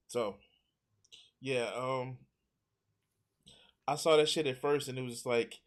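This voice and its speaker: A man's voice: medium pitch, slow. Laid-back profane male host. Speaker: show host. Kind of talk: casual reaction chat.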